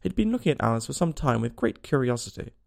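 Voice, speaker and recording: A man narrating a storybook in an expressive way. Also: mid-range voice, fast talker, vocal fry. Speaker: reader.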